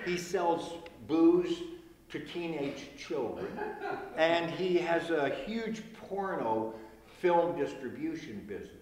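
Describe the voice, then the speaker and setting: A man voicing a schoolgirl who talks slowly and deadpan, in a plain everyday voice. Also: fairly high pitch, a little hiss or hum. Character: schoolgirl, calm and matter-of-fact. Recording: echoey room with long reverb.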